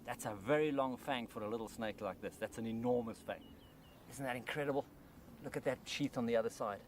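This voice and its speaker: A man's voice: mid-range voice, brisk, a little hiss or hum. A man presenting a wildlife documentary outdoors by rice paddy fields, enthusiastically explaining as he handles a snake.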